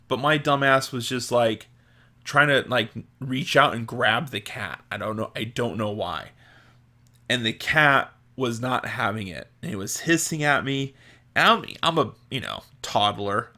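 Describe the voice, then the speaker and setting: A man's voice: medium pitch, sharp tone. A young man hosting a podcast, telling childhood stories in a rambling, casual way full of fillers. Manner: rambling, filler-heavy, laughs at own stories. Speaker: podcast host. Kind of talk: casual storytelling monologue.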